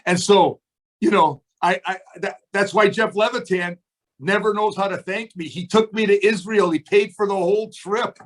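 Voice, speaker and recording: A man in his seventies speaks on a video call, his voice sitting high for a man. He delivers an emphatic, preachy pep talk, firing off rhetorical questions at his team. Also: normal speed, rough recording. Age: 70s. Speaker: motivational speaker to a sales team. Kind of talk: fired-up motivational speech.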